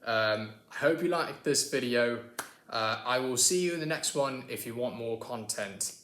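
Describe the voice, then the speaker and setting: A man's voice: medium pitch, moderate pace, a bit bright. Chill southern english guy, lots of ums, talking accents in an echoey room. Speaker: guest explaining his accent. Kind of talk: casual accent lesson.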